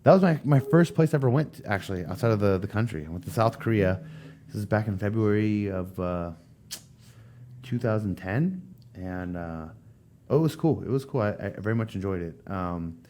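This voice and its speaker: This podcast guest is a man from the United States in his thirties, sharing a story in relaxed chat. His voice sits on the low side at a moderate pace as he animatedly performs the voices of those he quotes, with a little hiss or hum in the recording.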